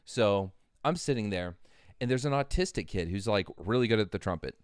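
A man hosting a casual chat, telling an anecdote in a relaxed way with casual swearing. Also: lowish voice, a little fast, clear, resonant tone, no echo, clean studio sound. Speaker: host.

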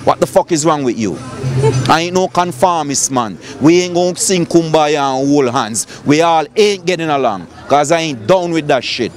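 Fiery Jamaican street preacher. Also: male voice, on the high side, lively intonation, normal speed, soft background music. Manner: fiery, profane, lecturing. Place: outdoors on a city street. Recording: loud street crowd noise.

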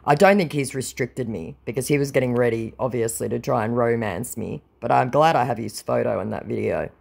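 A woman's voice: very deep voice, a little fast, creaky, a little mellow. A woman at home giving blunt, sarcastic, casual commentary on chat messages, swearing freely. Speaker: scam baiter. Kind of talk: casual commentary reading chats.

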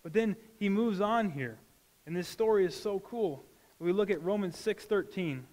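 A pastor preaching a sermon in an earnest, conversational way. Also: male voice, sits high, expressive, normal speed, darkish tone, in a large hall. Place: church sanctuary.

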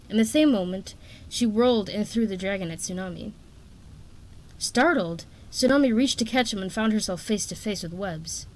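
A woman reading a children's fantasy novel aloud in steady, expressive narration. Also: medium pitch. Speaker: audiobook reader.

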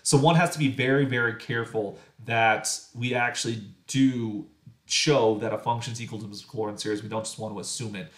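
A man's voice: medium pitch, steady tone, fairly quick, roomy sound. A man giving a recorded calculus lecture, explaining step by step and often repeating words as he works through the argument. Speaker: math lecturer.

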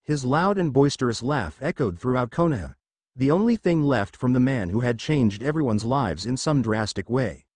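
A man's voice: medium pitch, lively intonation, moderate pace, darkish tone, no room sound. Man narrating a fan fiction story.

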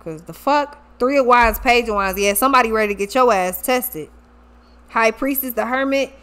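Tarot reader, woman, high voice, casual, cursing and slangy. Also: moderate pace. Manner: profane, slangy, animated.

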